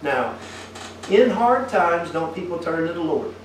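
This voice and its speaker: A man's voice: on the high side, big pitch swings, unhurried, a little hiss or hum. A man preaching a folksy sermon, tossing questions back at his congregation. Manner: asks the congregation many tag questions. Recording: echoey room picked up from a distance.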